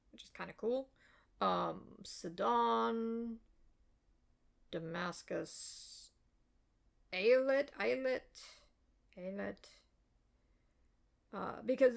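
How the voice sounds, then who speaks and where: Gravelly-voiced woman rambling through history. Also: medium pitch, fairly bright tone. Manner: rambling, frequent ums and uhs, apologetic asides. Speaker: video essayist. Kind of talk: casual history explainer.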